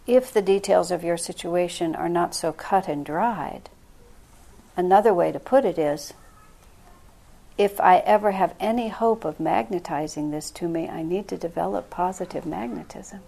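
A woman's voice: fairly low pitch, moderate pace, vocal fry, warm tone. A woman spiritual teacher speaking to a group, earnest and frank, breaking into laughs now and then. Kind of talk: spiritual talk with questions.

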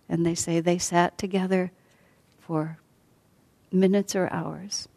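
A woman teaching a class as a storyteller, speaking softly and often sinking to a near whisper. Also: fairly low pitch, little pitch movement, slow pace, vocal fry. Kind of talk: storytelling lesson.

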